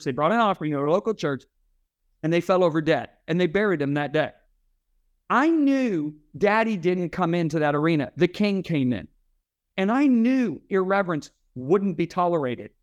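A man's voice: high voice, lo-fi sound. Emphatic man telling a dramatic story. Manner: dramatic, emphatic preacher-like storytelling with quoted dialogue. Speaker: interview guest, Christian author and speaker. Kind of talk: animated storytelling.

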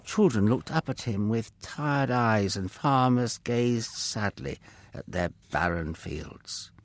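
A man narrating a children's Bible story with expressive storytelling. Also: on the low side, takes it slowly.

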